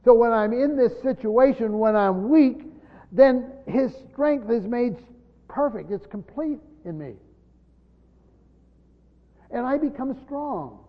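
A pastor with a fairly high, lively voice gives expository Bible teaching to a gathered class, speaking slowly with long pauses. He stresses key words loudly, then drops into quiet asides. The recording is dull and lo-fi, with a long hall reverb.

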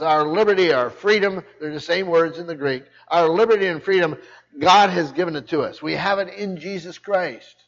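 An older man preaching a sermon, emphatic, often repeating words and restarting his sentences. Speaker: pastor. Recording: muffled low-fidelity recording.

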